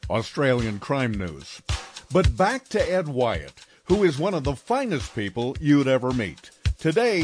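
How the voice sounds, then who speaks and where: A man hosting a podcast, reading a wry scripted introduction with lively delivery. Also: medium pitch. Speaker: podcast host.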